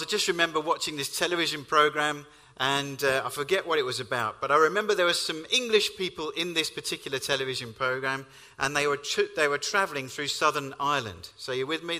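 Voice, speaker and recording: A man preaches a sermon, his fairly high, bright voice lifting with emphasis on key lines. His storytelling rings out with the long reverb of a hall.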